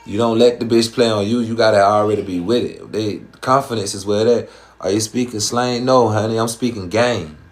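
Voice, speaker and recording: Slangy Southern man with low voice. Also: normal speed. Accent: Southern American. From Southern US, Georgia. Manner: slangy, profane, rhyming streetwise patter. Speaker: live stream host. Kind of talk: casual live stream chat.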